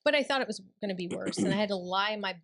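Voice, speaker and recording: A middle-aged woman co-hosting a podcast, telling a personal story in casual chat and quoting others in a lowered voice. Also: fast, vocal fry. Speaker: podcast co-host.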